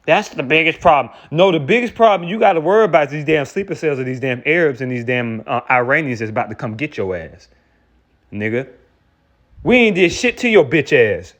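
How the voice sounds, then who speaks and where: A man's voice: medium pitch, lively intonation, fairly quick. A man preaching in a heated, profane rant, often repeating and restarting words. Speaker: street preacher. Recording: dull lo-fi recording.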